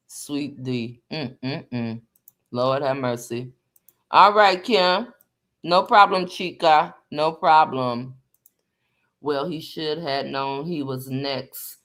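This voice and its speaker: A woman hosting a casual live chat, animated and slangy, greeting viewers by name as she talks. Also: lowish voice. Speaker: livestream host.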